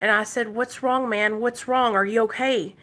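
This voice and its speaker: A woman vlogs about recovery in a casual, emotional way and speaks directly to her viewers. Her voice sits a little high and sounds bright and forceful. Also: fairly even intonation, moderate pace. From Arkansas. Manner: emotional, talks straight to viewers. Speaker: recovery vlogger. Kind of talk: casual storytelling vlog.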